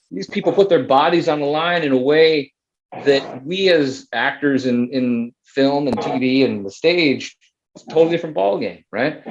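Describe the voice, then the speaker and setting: Enthusiastic man, casual and pitch-average. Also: muffled recording. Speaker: musical theater producer. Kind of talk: casual interview.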